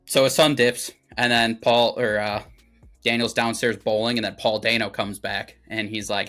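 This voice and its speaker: A man's voice: fairly low pitch, fairly even intonation, moderate pace, sharp tone, soft background music. A young man casually recapping a movie plot on a podcast, rambling with lots of fillers and swearing. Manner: rambling, filler-heavy, profane. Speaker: movie review podcast host.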